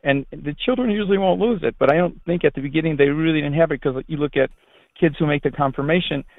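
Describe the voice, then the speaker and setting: Priest on a tinny phone line. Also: male voice, a little high, fast, dry recording. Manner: rambling, earnest, with frequent restarts. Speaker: Catholic priest. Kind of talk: conversational interview answers.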